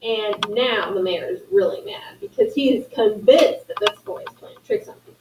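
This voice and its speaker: A woman teacher telling children a story, animated and playful, acting out the characters. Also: medium pitch, moderate pace, recorded from a distance. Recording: echoey room, voice from afar, faint noise.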